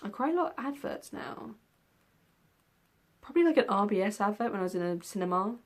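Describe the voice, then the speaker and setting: A woman's voice: mid-range voice, lively intonation, brisk. Chatty young woman vlogging, rambling. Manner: rambling, with many ums and yawns. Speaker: book vlogger. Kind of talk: casual tag video chat.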